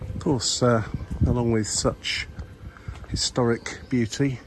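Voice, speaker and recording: An older man narrates a walk through old streets, his voice husky from a cold. He rambles wryly with lots of uhs. Clear street noise sits behind him outdoors. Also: mid-range voice, fairly even intonation, slow pace. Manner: rambling, wry, many ums and uhs. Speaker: vlogger. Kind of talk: walking tour commentary.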